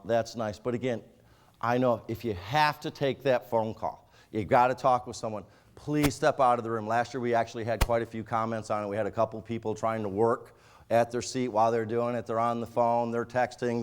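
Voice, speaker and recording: A man from Michigan with a rural Michigan accent, running a software training class in a casual, joking way and speaking straight to the group. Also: mid-range voice, slight background noise. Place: training room with an audience.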